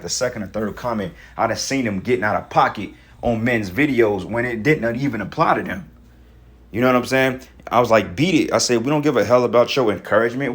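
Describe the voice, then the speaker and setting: Blunt, confrontational man ranting. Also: mid-range voice. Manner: blunt, confrontational, profane, with rhetorical questions. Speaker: member of a religious group giving commentary. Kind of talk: casual spoken rant.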